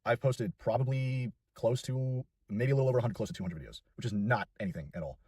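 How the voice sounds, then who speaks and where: A nineteen-year-old man rambles quickly through a casual vlog, self-deprecating and full of fillers. His low voice is husky and sits a little away from the mic, in a dry space with no echo. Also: a little mellow, recorded from a distance. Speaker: YouTuber.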